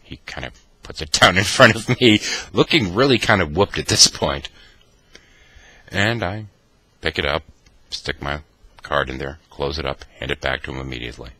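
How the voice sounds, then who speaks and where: A man vlogging, telling a wry personal anecdote in an animated, mock-dramatic way. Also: extremely low pitch, moderate pace, no room sound. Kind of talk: anecdotal storytelling.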